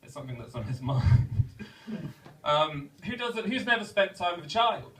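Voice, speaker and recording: A man's voice: on the high side, very animated, moderate pace, fairly bright tone, distant mic, poor audio. A man doing a stand-up comedy set, self-mocking and stumbling over his words as he rambles. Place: comedy club stage.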